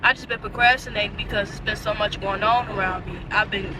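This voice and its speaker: A young woman vlogging in her car, ranting in an animated, exasperated way with lots of slang. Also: mid-range voice, fairly quick, distant mic, background noise. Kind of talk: casual chat.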